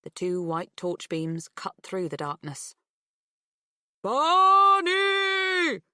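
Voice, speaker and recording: Slow, low-voiced woman narrator. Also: steady tone, no echo, clean studio sound. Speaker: audiobook narrator. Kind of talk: scripted narration.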